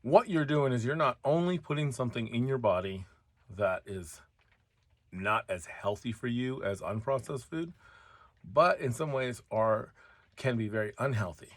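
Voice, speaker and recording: A middle-aged man hosting his own show, talking casually and earnestly with pauses and fillers. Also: mid-range voice, no room sound. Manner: earnest, conversational, pausing with fillers. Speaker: host. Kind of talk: casual solo talk.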